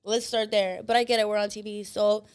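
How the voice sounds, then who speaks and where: A woman guest on a podcast, telling her story in a blunt, profane and animated way. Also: medium pitch, fairly quick, clear, resonant tone. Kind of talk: casual storytelling chat.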